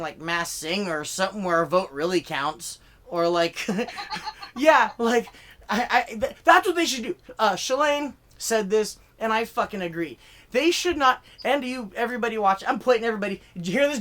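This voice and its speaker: Filming himself on camera, a man launches into a profane comedy rant, fired up and rambling with lots of fillers and swearing. His voice is high, pushed and bright.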